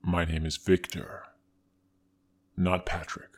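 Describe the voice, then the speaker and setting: A man voicing a proud male rattlesnake in a children's podcast, speaking slowly and deliberately. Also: deep voice, level tone, voice pushed down, exaggerated voice. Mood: indignant. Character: male rattlesnake, proud, slow hissing villain type.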